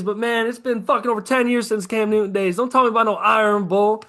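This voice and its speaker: Animated, high-voiced man ranting about sports. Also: fast. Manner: profane, animated ranting with mocking quoted asides. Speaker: podcast co-host. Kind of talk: casual sports chat.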